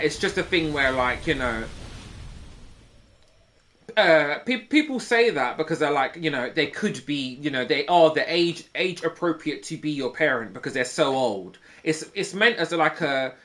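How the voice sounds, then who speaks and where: Streamer dude in his 30s, kinda high bright voice, rambly gossip, bounces all over. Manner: rambling gossipy storytelling, acting out quotes; teasing with chat. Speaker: gaming streamer. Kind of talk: casual stream chat.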